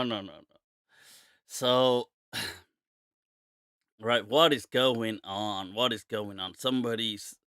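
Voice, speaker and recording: A man's voice: mid-range voice, fairly bright tone, smooth, no echo, clean studio sound. A man hosting a live-stream question-and-answer show, joking and laughing often and slipping in Urdu phrases. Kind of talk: casual live-stream chat.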